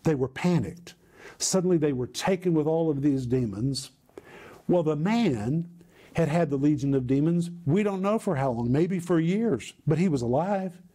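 A man gives preaching-style Bible teaching with a somewhat high yet warm, mellow voice. He leans on emphasis and repeats key phrases to drive each point home. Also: animated, moderate pace.

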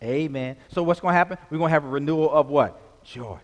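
A man's voice: fairly high pitch, fast talker. A man preaching a sermon as pastor, working the congregation with call-and-response and stretched-out emphasis. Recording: long hall reverb.

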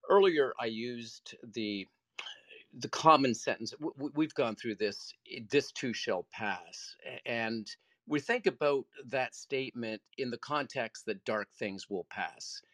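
A man joining a panel talk, telling a story in an earnest, animated way. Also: medium pitch, a little slow, dry recording. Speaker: panel guest.

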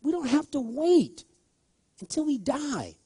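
A male preacher delivering a sermon, repeating phrases and rising into loud emphatic bursts as he speaks straight to the congregation. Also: very high-pitched, very animated, measured pace, dry recording, clean studio sound. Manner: talks directly to the congregation.

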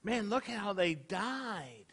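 High bright-voiced man preaching conversationally. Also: big pitch swings, slow, husky. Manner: conversational, asks rhetorical questions to the congregation. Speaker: rabbi. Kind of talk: sermon. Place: congregation hall.

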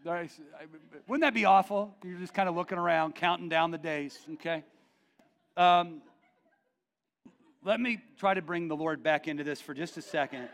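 Animated joking male pastor. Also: on the high side. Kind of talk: sermon.

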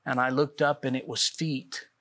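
Man, talk show guest, earnest testimony, acts out quoted lines, mid pitch. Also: flat delivery, normal speed, a bit bright. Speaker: guest author.

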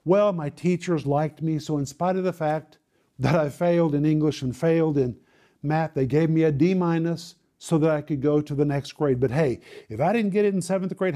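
A man preaching, telling his own story dramatically, with quick bursts and slow, emphatic lines. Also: on the high side, warm tone. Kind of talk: sermon testimony storytelling.

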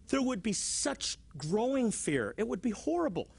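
Man teaching the Bible on TV. His voice is high for a man and swings widely in pitch. He tells stories and acts out his examples. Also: moderate pace, vocal fry. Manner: animated, repeats words, acts out examples.

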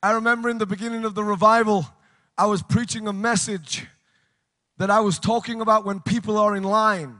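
Fiery high-voiced British preacher. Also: male voice, fairly even intonation, fairly quick. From United Kingdom. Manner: impassioned, shouting to a congregation. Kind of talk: revival sermon. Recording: long reverb of a large hall.

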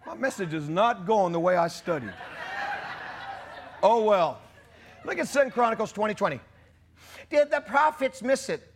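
A man preaching a fiery sermon, shouting and rising to outrage. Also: high voice, expressive, normal speed, long pauses, slight background noise. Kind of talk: charismatic sermon.

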